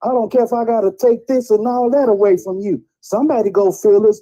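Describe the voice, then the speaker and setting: Middle-aged man, dark mellow voice, blunt preachy storyteller on a casual talk show. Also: high voice, fairly even intonation, brisk, poor audio.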